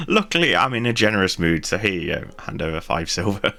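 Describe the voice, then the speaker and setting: A man playing a tabletop game, easygoing and quick to laugh. His voice is low and bright, with a pitch that swings widely. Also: wildly swooping pitch, gravelly. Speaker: player. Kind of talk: tabletop role-play chat.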